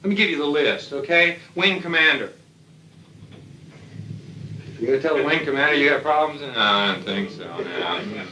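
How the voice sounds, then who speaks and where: Blunt bright-voiced man lecturing in echoey hall. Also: medium pitch, expressive, moderate pace, long pauses, slight background noise. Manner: blunt, folksy, salty humor. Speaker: lecturer speaking to military aviators. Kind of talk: lecture to an audience. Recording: echoey hall, distant mic.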